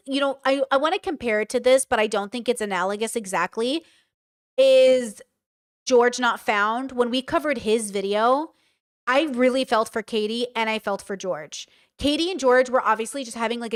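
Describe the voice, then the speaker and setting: High-pitched, blunt young woman streamer. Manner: animated, blunt, swears freely. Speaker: commentary streamer. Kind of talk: live stream reaction commentary.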